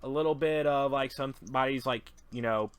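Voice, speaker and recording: A man runs a tabletop game as game master, narrating casually and using lots of fillers. His mid-range voice keeps a moderate pace, and there's a little hiss or hum in the recording.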